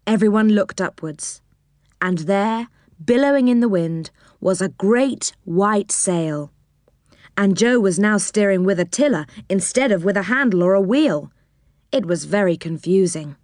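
A woman reads a children's story aloud with an expressive storyteller's delivery. Her pitch rises and falls a lot as she tells it. The recording is dry and close, with no room sound. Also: unhurried, no room sound. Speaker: narrator.

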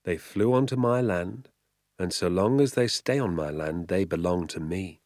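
A calm, quietly defiant father, voiced by a man, speaking low and steady without ever rushing. The tone is deep and even, softer than the narration, with a dry close sound. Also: dry recording, natural voice.

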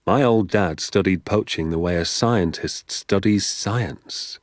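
A man reading an audiobook, voicing a secretive, enthusiastic father who talks in a low, confiding hush and sometimes drops to a whisper. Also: takes it slowly, no echo, studio quality. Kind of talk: audiobook character voice.

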